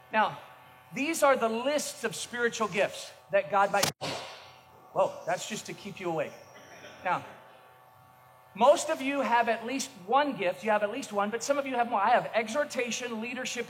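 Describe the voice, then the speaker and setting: A middle-aged man preaching a sermon as a pastor, telling self-mocking stories with energy and bursts of shouting. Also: high voice. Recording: echoey hall, faint noise.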